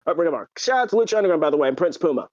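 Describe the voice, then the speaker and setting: Guy rambling about wrestling on a podcast, kinda high voice, dull muffled dry audio, lots of ums. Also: very fast, no room sound. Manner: rambling, filler-heavy, excitable. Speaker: podcast co-host. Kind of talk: casual wrestling chat.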